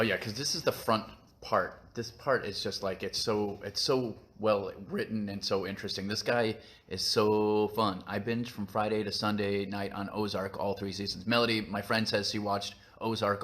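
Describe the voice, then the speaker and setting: Goofy low-voiced man chatting. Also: steady tone, moderate pace, few pauses, a bit bright. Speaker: vlog host reading live chat. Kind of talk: casual live-stream chat.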